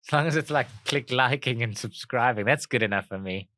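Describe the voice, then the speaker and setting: Teasing South African podcast host. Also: male voice, mid-range voice, sharp tone, dry recording. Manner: teasing, quick to laugh. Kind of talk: casual comedic chat.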